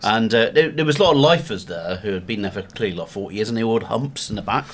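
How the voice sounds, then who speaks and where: A man's voice: on the low side, expressive, quick pace. A young English man co-hosting a podcast, telling rambling, sweary stories full of fillers. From England. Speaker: podcast co-host. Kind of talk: casual chat. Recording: faint background noise, far from the mic.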